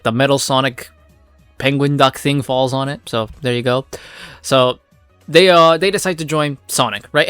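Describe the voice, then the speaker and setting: A man's voice: medium pitch, a bit bright, clear, resonant tone, no echo. A man giving a rambling, profane, casual recap of a comic, full of filler words. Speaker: comic reviewer.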